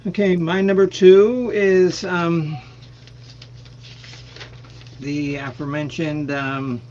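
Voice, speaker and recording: A man's voice: a little high, little pitch movement, slow pace, darkish tone. A man hosting a casual music chat over a video call, talking in a playful, joking way. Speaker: host. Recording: dull sound with faint noise.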